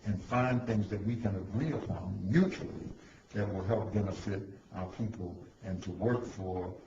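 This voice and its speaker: A man answering interview questions calmly and reflectively. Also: sits low, moderate pace. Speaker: interview guest. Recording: dull echoey recording with noise.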